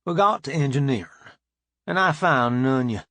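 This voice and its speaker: Gravelly male audiobook narrator. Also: medium pitch, animated, moderate pace, fairly bright tone, dry recording. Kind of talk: first-person audiobook narration.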